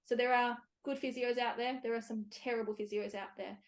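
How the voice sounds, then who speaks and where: A woman's voice: a little high, fairly even intonation, brisk. A woman hosting a casual podcast conversation, chatty, with many fillers and easy laughs. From Australia. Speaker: physiotherapist podcast host.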